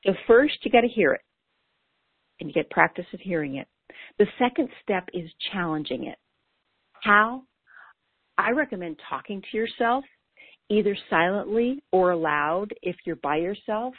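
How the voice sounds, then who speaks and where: A woman's voice: medium pitch, lively intonation, moderate pace, pauses often, breathy edge, no room sound. A woman coach with ADHD giving an earnest, lightly playful scripted talk about self-talk. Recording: dry, tinny phone-like sound.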